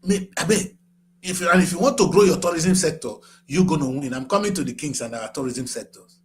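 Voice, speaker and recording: A middle-aged man with a Nigerian accent giving passionate political commentary, repeating himself and rising to shouts. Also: on the high side, a little fast. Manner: fiery, repetitive, rising to shouts. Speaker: current affairs show host.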